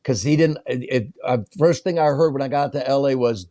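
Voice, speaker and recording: A man's voice: medium pitch, fairly quick, dark tone. A comedian guest telling stories about his early career in a rambling way, chuckling as he goes. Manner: rambling, chuckling between lines. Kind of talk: casual comedy storytelling.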